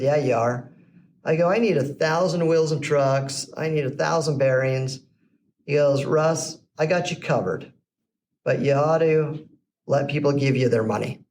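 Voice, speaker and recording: On a podcast, a middle-aged guest with a mid-range voice and vocal fry tells his business story in an easygoing way, acting out each person's quoted lines with animation. Faint background noise comes through a slightly distant mic.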